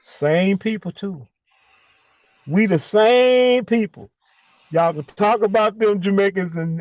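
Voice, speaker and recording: A man's voice: high-pitched, dry recording. Emphatic man on a dull call line. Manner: emphatic, preachy, halting with many fillers. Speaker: caller. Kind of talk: impassioned call-in monologue.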